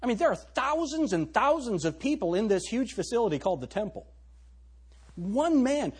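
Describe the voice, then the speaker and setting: A man's voice: very high-pitched, sing-song, normal speed, husky. A male pastor preaching a sermon, reading scripture aloud and pressing the congregation with emphatic rhetorical questions.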